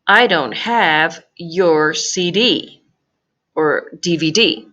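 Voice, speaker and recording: Slow, low-voiced woman teaching grammar. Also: lively intonation, fairly bright tone, muffled recording. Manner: slow, patient explaining with careful repetition. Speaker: Spanish teacher. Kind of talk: recorded grammar lesson.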